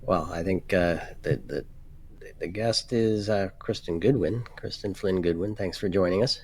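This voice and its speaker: A man with a fairly low voice co-hosts a relaxed podcast conversation. He pauses often, fills gaps and restarts his sentences as he finds his words. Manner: halting, many fillers and restarts. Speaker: podcast co-host. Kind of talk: casual chat.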